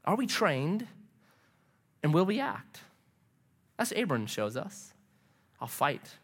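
A man preaching a sermon as a pastor, telling stories in an animated, conversational way. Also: a little high, slow pace, breathy edge. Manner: animated storytelling, lively and conversational.

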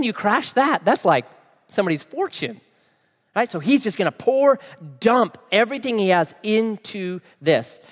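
A pastor with a high voice delivers a sermon in a conversational style, frequently posing questions to his listeners. The recording has a big-room sound.

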